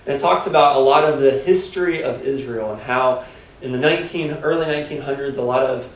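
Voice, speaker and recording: A man's voice: medium pitch, a little fast. A man preaching a sermon as pastor, in a loose, conversational way full of "like" and "kinda", asking the congregation questions. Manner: conversational, filler-heavy preaching with rhetorical questions. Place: church sanctuary. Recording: echoey church hall, mic at a distance.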